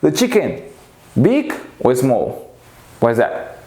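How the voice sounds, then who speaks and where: Slow, playful man teaching animal words. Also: medium pitch, wildly swooping pitch, dark tone, roomy sound. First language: Spanish. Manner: slow, repetitive, makes playful animal noises. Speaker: English teacher. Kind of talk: children's vocabulary lesson.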